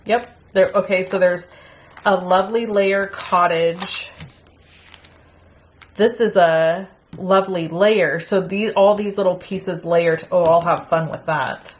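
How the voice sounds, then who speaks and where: A middle-aged woman casually chatting through a crafting unboxing, excitable and gasping at pretty pieces. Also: lowish voice, slow. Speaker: crafting channel host.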